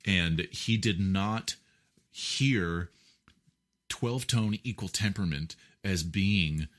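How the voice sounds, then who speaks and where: Interview guest, man, very low voice, lecturing explainer with lots of fillers. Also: slow. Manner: lecturing, with many fillers and rhetorical checks. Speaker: guest musician.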